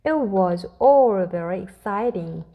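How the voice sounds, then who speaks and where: Female storyteller for a children's read-aloud; unhurried, deliberate, expressive delivery. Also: mid-range voice, phone-quality sound. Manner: slow, deliberate, expressive reading.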